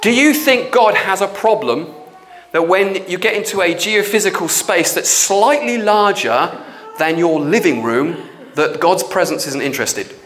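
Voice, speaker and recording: A man preaching a sermon with a notably high voice. He speaks bluntly and with animation. He slips into quoted voices as he makes his points. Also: animated, a little slow, a bit bright, slight background noise.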